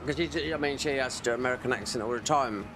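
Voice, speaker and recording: A man's voice: medium pitch, fast, background noise. A man chatting casually while streaming a game, rambling from one tangent to the next. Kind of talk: casual chat while gaming.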